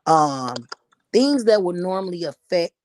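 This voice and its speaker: A woman's voice: lowish voice, very animated, unhurried, a little mellow, slight background noise. Frank woman in her thirties opening up. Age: 30s. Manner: frank, confessional, talks in bursts with many "like"s. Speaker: podcast co-host. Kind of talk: candid group chat.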